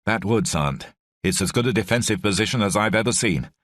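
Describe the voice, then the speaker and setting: Narrator doing a calm clipped young english officer, deep voice, dry sound. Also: male voice, a little fast, dry recording. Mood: steady, commanding.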